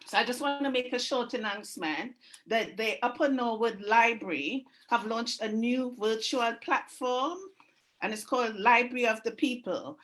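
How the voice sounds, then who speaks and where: A woman hosts a community event over a video call. She talks in a relaxed, chatty way as she gives announcements and introduces the next performer. Her voice sits somewhat high. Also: moderate pace. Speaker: host of an online community event. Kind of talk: casual event hosting.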